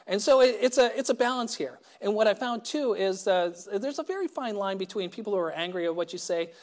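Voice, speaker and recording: A man's voice: high voice, lively intonation, fairly quick, a little mellow. A middle-aged man giving a personal recovery talk, wry and self-deprecating, often stammering and restarting his sentences. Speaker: recovery meeting speaker.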